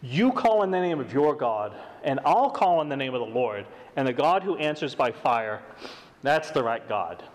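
Animated preacher in a reverberant hall. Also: male voice, normal speed. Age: middle-aged. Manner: animated, acts out quotes in high voices. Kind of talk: sermon with scripture reading.

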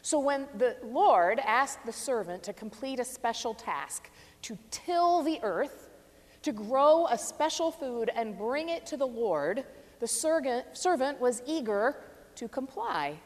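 A woman delivers a sermon slowly and thoughtfully, her fairly high voice rising and falling widely as she leans into key phrases. Her words ring out with the long reverb of a large church hall. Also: animated. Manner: reflective, measured, stresses key phrases. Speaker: preacher.

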